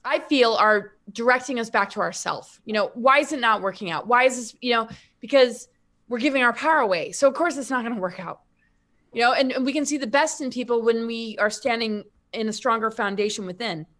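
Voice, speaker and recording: A woman's voice: fairly high pitch, brisk, a bit bright. A woman guest in casual spiritual conversation, rambling with many restarts and filler words.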